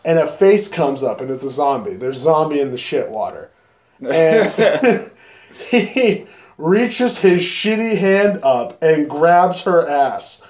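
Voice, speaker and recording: Casual podcast host, young man, slightly high voice, excitable storyteller, echoey room. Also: slow pace. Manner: animated, profane storytelling with acted-out exclamations. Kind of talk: casual chat.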